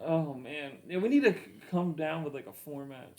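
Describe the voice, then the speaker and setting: Man, podcast co-host, slightly raised pitch, dry wry comments, halting fillers, casual chat. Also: lively intonation, darkish tone.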